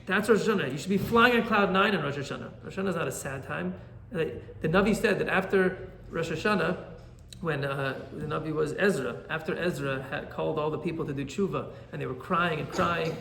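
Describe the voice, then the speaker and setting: Man, rabbi, animated Torah class, slightly high voice, echoey room, faint hiss. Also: fairly quick, gravelly. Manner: animated, asks "right?" often.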